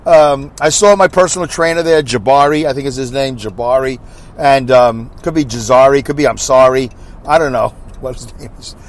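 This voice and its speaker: A man's voice: mid-range voice, normal speed. A man hosting his own podcast while driving, chatting in a rambling, self-mocking way full of asides. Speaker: podcast host. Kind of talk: rambling solo podcast chat. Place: inside a moving vehicle.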